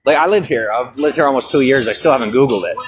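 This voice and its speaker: A man's voice: mid-range voice, fast, slight background noise, poor audio. A man chatting casually and bluntly while walking down a city street filming a vlog, swearing freely. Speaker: vlogger.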